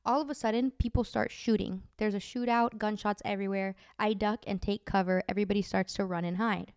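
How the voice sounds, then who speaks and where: A woman's voice: mid-range voice, fairly even intonation, a little fast, a little mellow, clear, resonant tone, no echo, studio quality. A woman podcast host chattily telling dream stories, full of "like" fillers. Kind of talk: casual storytelling.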